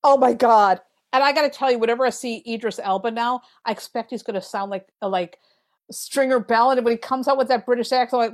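Animated storytelling middle-aged woman. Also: fairly high pitch, a little fast. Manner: animated storyteller, acts out her own quotes. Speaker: guest, tarot reader. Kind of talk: casual podcast chat.

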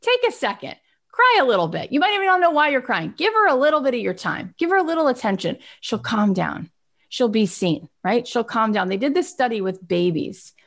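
A woman with a somewhat high voice delivers an earnest self-help talk. She leans hard on her points, then softens her voice, then lifts it again. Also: fairly quick. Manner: earnest, emphatic, swings between soft and animated. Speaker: inspirational speaker.

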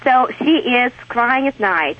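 A woman from Russia, calling in to a radio show, chatty and quick to laugh. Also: a little high, lively intonation. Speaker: caller. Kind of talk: radio call-in chat. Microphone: phone. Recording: tinny phone line.

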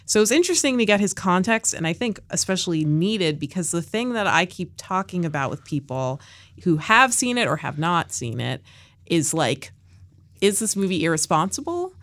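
A woman hosting a podcast in casual chat, animated and leading the segment, with frequent fillers. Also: on the low side, normal speed, no room sound. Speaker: podcast host.

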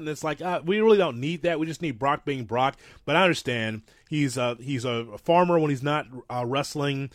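A man co-hosting a wrestling talk show, rambling and animated, calling himself an old-school fan. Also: a little high, moderate pace, hardly any pauses, no echo. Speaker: podcast co-host.

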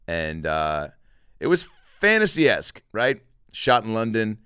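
A man's voice: lowish voice, sing-song, unhurried, fairly bright tone, clean tone, dry recording, clean studio sound. A man hosting a comedy podcast, chatting casually and rambling in a jokey way, also doing an ad read. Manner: rambling, jokey, lots of fillers.

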